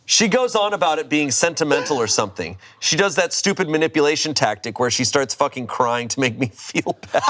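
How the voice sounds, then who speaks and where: A man's voice: on the high side, animated, fairly quick, hardly any pauses, a bit bright, a little hiss or hum. A man casually reading a story aloud, swearing freely, breaking into laughter and mock outrage. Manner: reads dramatically, swears, laughs, voices outrage. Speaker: host reading stories aloud.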